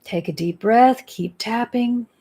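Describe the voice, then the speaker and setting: Slow, mellow-voiced woman guiding meditation. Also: a little high. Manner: slow, soothing, instructive, repeats affirmations. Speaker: spiritual healer leading a guided exercise. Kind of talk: guided tapping meditation.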